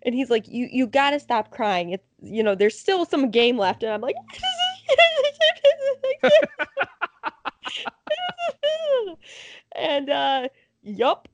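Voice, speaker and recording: A podcast co-host tells a story in a casual chat, her fairly high voice moving at a moderate pace. She's animated and acts out the quotes, and the recording is dry with no echo.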